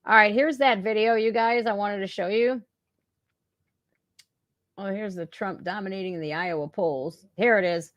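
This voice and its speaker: A woman's voice: mid-range voice, moderate pace, pauses often, fairly bright tone, dry recording, dull audio. Woman, reaction host, blunt and profane, dry close sound. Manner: blunt and profane, talks straight to viewers. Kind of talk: casual reaction commentary.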